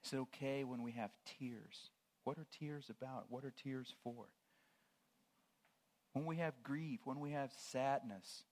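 A man preaching a sermon, laying out word meanings in short, measured phrases and swinging from hushed near-whispers to loud proclamations. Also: medium pitch.

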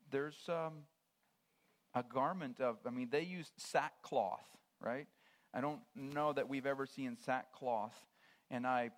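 Slow, deliberate male preacher. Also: medium pitch. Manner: slow and deliberate, swinging from hushed near-whispers to loud proclamations; lists word meanings in short, measured phrases. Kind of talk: sermon.

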